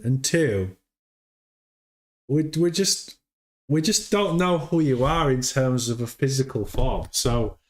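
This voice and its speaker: A man hosts a casual livestream in a mid-pitched voice. He rambles, stumbles over repeated words and keeps his chat loose and chatty. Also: darkish tone. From United Kingdom. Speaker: livestream host.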